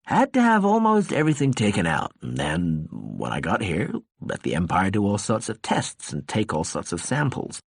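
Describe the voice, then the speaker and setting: A man's voice: fairly low pitch, wildly swooping pitch, moderate pace, gravelly, few pauses, breathy edge, no echo, studio quality, full character voice. A man voicing a drunken male ambassador who rambles in a slurred, meandering way, sardonic and weary.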